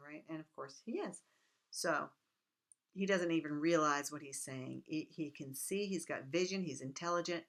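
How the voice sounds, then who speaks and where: A woman with a notably low voice lectures on a text in a relaxed, conversational way. She reads quoted lines aloud, then drops into quick, chatty commentary. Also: gravelly. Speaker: literature teacher. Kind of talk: casual recorded lecture.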